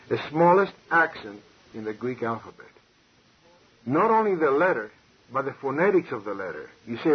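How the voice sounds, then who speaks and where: A man preaching a sermon, emphatic and halting, full of rhetorical questions. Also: mid-range voice, slightly rough. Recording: dull lo-fi recording.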